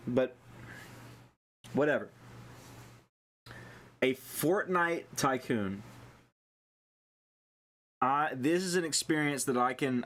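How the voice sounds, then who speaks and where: Wry male streamer, deadpan asides. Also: medium pitch. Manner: wry, deadpan, chatting with viewers. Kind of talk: casual gameplay commentary. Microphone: face cam desk microphone.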